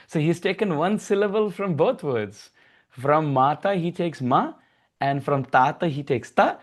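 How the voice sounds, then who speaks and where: A man giving a devotional storytelling lecture, chanting verses and acting out characters' lines. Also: normal speed. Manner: animated, acts out mothers' voices in high tones, chants verses. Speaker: preacher.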